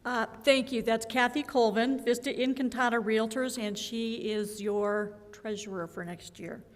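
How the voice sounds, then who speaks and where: Woman emcee, higher voice, brief introductions, hall echo and clicking noise. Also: steady tone, measured pace. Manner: brief, announcing, with fillers.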